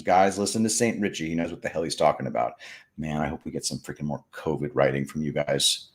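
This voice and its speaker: A man hosting a live stream, chatting casually, reading viewer comments and plugging sponsors, animated and joking, loud one moment and mumbling the next. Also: extremely low pitch, a little fast.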